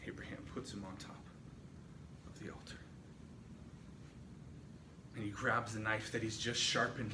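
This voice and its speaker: A man's voice: on the low side, flat delivery, unhurried, long pauses. A man preaching a sermon in a church hall, retelling a story with dramatic rising and falling intensity. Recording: echoey room, distant mic, noisy.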